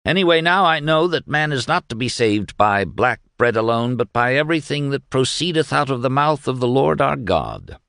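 A man's voice: mid-range voice, big pitch swings, normal speed, creaky, few pauses, fairly bright tone, clean tone, no echo, studio quality, voice pushed up. A man voicing a stubborn older retired newspaper editor who speaks hesitantly and then curtly. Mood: reflective. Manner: hesitant, then curt and defiant.

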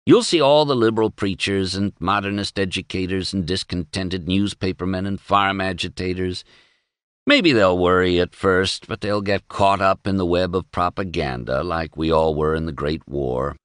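A man's voice: low voice, fairly even intonation, normal speed, smooth, no echo, studio quality, lightly acted. A man playing a wry sardonic newspaperman.

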